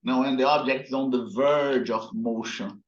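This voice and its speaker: A man teaching a physics class, slowly explaining while working on slides and often checking in with "right?". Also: mid-range voice, steady tone. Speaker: physics instructor. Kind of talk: recorded classroom lecture. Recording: echoey, dull lo-fi room sound.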